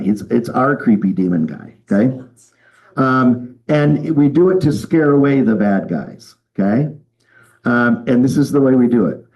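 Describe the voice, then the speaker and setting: A man from the United States leading a live group workshop, relaxed and chatty, with frequent ums and okays. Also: mid-range voice, dull audio. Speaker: workshop leader. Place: room with a group of people.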